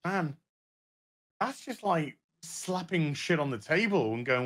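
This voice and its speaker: A middle-aged man who is a podcast guest, chatting casually with a halting, start-and-stop delivery. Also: fairly high pitch, expressive. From United Kingdom. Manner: halting, many restarts and fillers. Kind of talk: casual chat.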